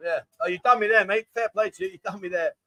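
A man's voice: sits high, racing, pushed and bright, no echo, poor audio. A man hosting a casual live stream, chatting and reading viewer questions aloud. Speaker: host of a live bar stream.

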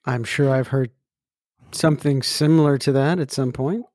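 A man co-hosting a podcast in casual chat, deadpan and teasing. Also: mid-range voice, normal speed, dry recording, clean studio sound. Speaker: podcast co-host.

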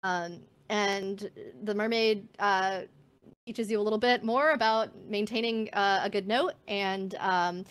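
A woman's voice: medium pitch, measured pace, smooth. A woman narrating as game master of a tabletop game, chatty and full of fillers. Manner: chatty, filler-heavy, laughs easily.

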